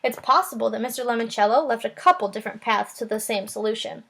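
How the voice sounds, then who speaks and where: A woman's voice: on the high side, fast, creaky, fairly bright tone. A woman voicing a wisecracking boy of about twelve with a dry, offhand way of talking in a children's book reading.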